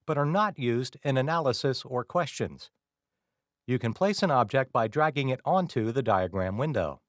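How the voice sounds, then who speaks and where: A man giving scripted, measured narration for a software tutorial. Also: mid-range voice, dry recording, studio quality. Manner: measured, instructional.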